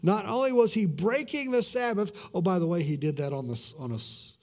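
High-voiced man preaching, hushing for emphasis. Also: expressive. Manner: swings from loud emphasis to hushed, drawn-out words; repeats words and restarts mid-sentence. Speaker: pastor. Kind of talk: sermon.

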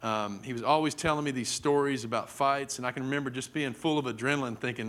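Preacher, middle-aged man, sermon storytelling, mid pitch, dramatic delivery. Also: quick pace, a bit bright. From Texas. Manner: vivid, dramatic storytelling with acted-out quotes.

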